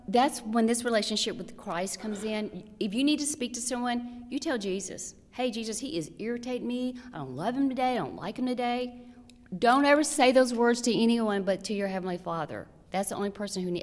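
A woman's voice: medium pitch, darkish tone. A woman giving practical marriage advice to a church audience, earnest and direct, full of rhetorical questions. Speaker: church women's speaker. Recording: long hall reverb.

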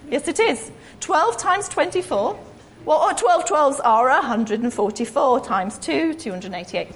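A woman's voice: high-pitched, slight background noise. A woman giving an informal, rambling, self-deprecating sermon in a church hall. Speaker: preacher. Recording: echoey hall.

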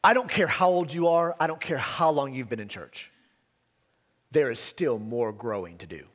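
A man's voice: mid-range voice, moderate pace, a bit bright, in a large hall. A man preaching a sermon as pastor, emphatic, asking rhetorical questions and repeating key phrases.

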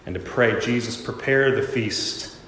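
A man preaching a sermon as pastor, expressive and dramatic, acting out the voices he quotes. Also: medium pitch, a little slow, a little hiss or hum. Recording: echoey church hall.

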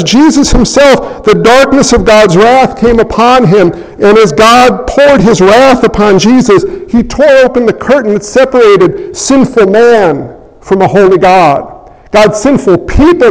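A man preaching a sermon as a pastor, in an animated way, acting out scenes and little voices as he goes. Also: high-pitched, measured pace. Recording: long hall reverb.

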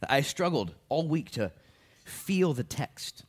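A man preaching a sermon as a pastor in a church, talking to the congregation in a conversational way that drops low and quiet, then rises loud and emphatic. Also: very animated, slow pace, slightly rough.

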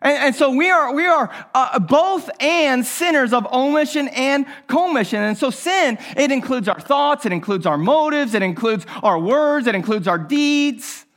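A man's voice: very high-pitched, expressive, normal speed, few pauses, a bit bright. A male pastor preaching a sermon, repeating his phrases and asking the listeners rhetorical questions.

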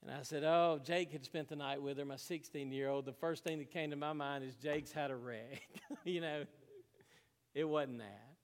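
A man's voice: on the high side, fairly even intonation, normal speed, big-room sound. A man preaching a sermon, telling a personal story with emotion and frequent laughs. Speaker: pastor.

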